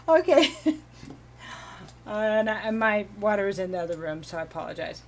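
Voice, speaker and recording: A woman giving a casual, meandering tarot reading at home, giggling now and then and clearing her throat from allergies. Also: medium pitch, big pitch swings, moderate pace, pauses often. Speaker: tarot reader.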